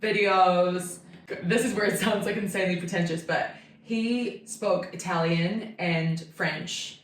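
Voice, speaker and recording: A woman's voice: on the low side, fairly even intonation, unhurried, distant mic, slight background noise. Woman in her thirties telling a chatty story. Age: 30s. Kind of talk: casual chat. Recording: echoey room, voice off-mic.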